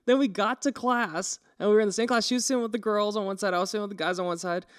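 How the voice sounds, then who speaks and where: A man's voice: high-pitched, rapid-fire, clean tone. A young man co-hosting a podcast, telling stories casually and acting out the quotes. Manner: animated storyteller, acts out quotes. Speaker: podcast co-host. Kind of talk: casual chat, storytelling.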